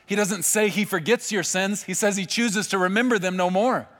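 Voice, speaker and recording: A male pastor preaching a sermon, telling a vivid story with dramatic pauses. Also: sits high, a bit bright. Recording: long hall reverb with faint music. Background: faint music.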